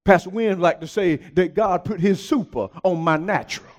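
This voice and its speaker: A man preaching a sermon as pastor, climbing into high shouted peaks and calling out to the congregation. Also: normal speed.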